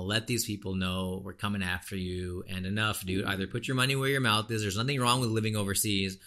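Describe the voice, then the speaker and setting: An American podcast host with a fairly low, fairly bright voice delivers a casual monologue. He's blunt and slangy, ranting with plenty of "dude" and "you know."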